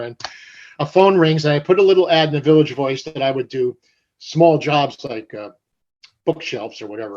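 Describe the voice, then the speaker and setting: An older man from New Jersey telling stories in an interview, animated and profane, acting out the voices of people he quotes. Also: medium pitch. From Paterson, New Jersey. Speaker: guest. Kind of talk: storytelling interview. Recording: dull lo-fi sound.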